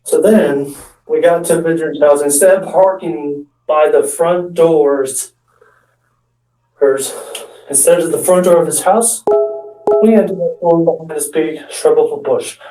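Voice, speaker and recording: A man's voice: on the high side, a little slow, dark tone, soft background music. A man telling a rambling comic story about his friends, with restarts and acting out what others said. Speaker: amateur stand-up storyteller. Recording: echoey room, mic far off.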